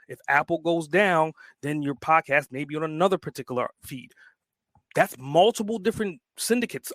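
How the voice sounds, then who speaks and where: A man's voice: fairly high pitch, dry recording. Fired-up man swearing in podcast talk. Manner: emphatic, swears freely, revs up when excited. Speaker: podcast guest, entrepreneur. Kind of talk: casual podcast conversation.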